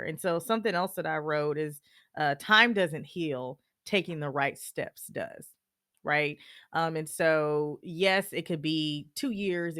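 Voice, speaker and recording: A woman hosting a podcast, giving candid, animated advice and acting out everyday exchanges. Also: sits low, dry recording, studio quality. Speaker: podcast host. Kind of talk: casual advice talk.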